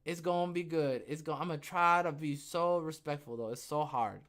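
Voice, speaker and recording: A young man hosting a casual livestream podcast, rambling and joking, who bursts into loud, excited outbursts. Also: on the high side, a little fast. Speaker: podcast host.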